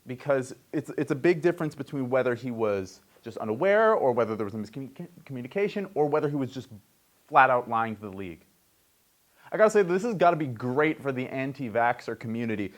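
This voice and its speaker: A young man hosting a comedic sports news report, reading headlines with wry, joking asides. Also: mid-range voice.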